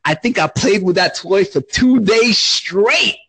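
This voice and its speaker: An adult man spins a childhood story in loose, profane chat. His voice is husky and pitched a bit high, with big animated swings. The sound is dry and close. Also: measured pace, no room sound.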